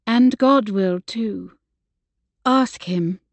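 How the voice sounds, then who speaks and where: A woman narrator voicing an earnest, kind young woman who speaks gently and reassuringly. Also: mid-range voice, very slow, dry recording.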